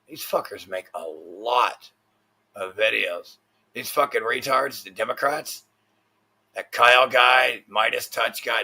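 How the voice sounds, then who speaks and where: A man's voice: fairly low pitch, sharp tone, breathy edge. A man hosting a livestream, ranting with constant swearing and frustrated rambling. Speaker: livestream host.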